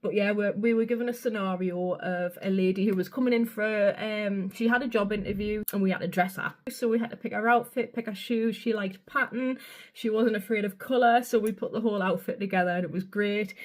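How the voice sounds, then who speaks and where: A woman's voice: medium pitch, steady tone, fairly quick. A woman with a North East English accent chatting loosely through a makeup tutorial at her home vanity, rambling and swearing casually. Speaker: beauty vlogger.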